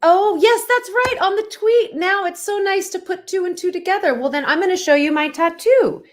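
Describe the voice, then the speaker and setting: A woman's voice: very high voice, normal speed, pitched above the performer's own voice. A woman voicing a polite, grandly dramatic one-fanged female vampire with a put-on British accent and a lisp. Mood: theatrical. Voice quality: lispy.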